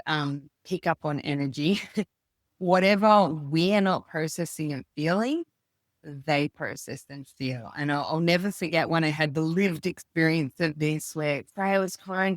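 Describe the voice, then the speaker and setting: Low-voiced woman, reflective and unhurried. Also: dry recording, clean studio sound. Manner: reflective, unhurried, thinking aloud with pauses. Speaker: podcast guest. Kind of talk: casual conversation.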